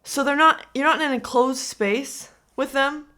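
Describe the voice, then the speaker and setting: A woman's voice: sits high, steady tone, moderate pace, bright, forceful tone. A woman reacting to clips in a casual vlog, talking to camera in a chatty, exasperated way with lots of "like". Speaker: commentary vlogger.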